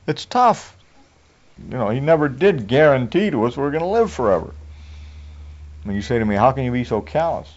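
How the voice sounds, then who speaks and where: A man preaches in a homespun, folksy sermon, chuckling often between points. His pitch swings up and down with lively emphasis. The recording sounds dull and lo-fi. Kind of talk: conversational sermon.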